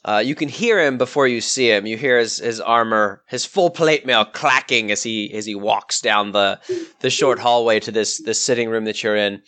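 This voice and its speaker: A man narrating a tabletop game as game master, in a descriptive, measured way. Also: lowish voice, a bit bright.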